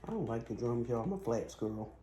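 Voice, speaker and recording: A man chatting casually to his viewers while cooking in his home kitchen, getting animated when he rants. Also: medium pitch, fairly quick, echoey room, slight background noise, poor audio. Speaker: cooking vlogger. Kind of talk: casual cooking vlog chat.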